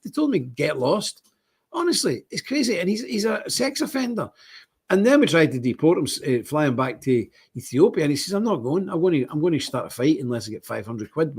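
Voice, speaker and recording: Husky, indignant Scottish man. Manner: rambling, indignant, lots of restarts and big pitch swings. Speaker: livestream host. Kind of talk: casual live-stream monologue.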